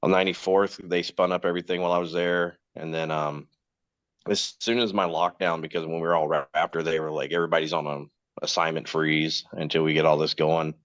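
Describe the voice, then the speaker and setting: A man's voice: very deep voice, flat delivery, fairly quick, fairly bright tone, clean tone, dry recording. A man in his forties telling long, rambling anecdotes on a casual podcast, acting out other people's lines and laughing often. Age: 40s. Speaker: podcast guest host. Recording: dull, dry lo-fi podcast mic.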